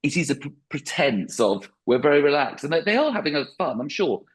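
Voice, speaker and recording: Husky-voiced man, chatty. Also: on the high side, sing-song, fairly quick. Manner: reflective, chatty, frequent restarts. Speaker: stand-up comedian, podcast guest. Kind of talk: podcast interview.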